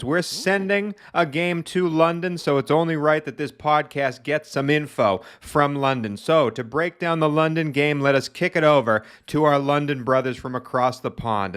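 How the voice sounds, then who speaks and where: A man's voice: on the high side, fairly bright tone, clean tone. A man co-hosting a sports betting podcast in casual chat, upbeat and fond of repeating his lines. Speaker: podcast co-host.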